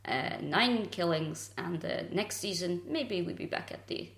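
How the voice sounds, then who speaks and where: A woman voicing a boastful male football manager in a put-on generic Eastern European accent, halting and mock-formal. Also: on the low side, lively intonation, gravelly. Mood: deadpan boastful. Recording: roomy echo.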